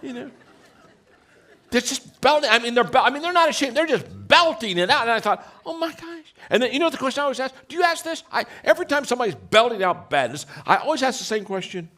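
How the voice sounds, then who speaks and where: Older male speaker, high and lively, animated storyteller, motivational talk. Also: fast talker. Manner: animated storytelling, acts out voices, laughs. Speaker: leadership speaker.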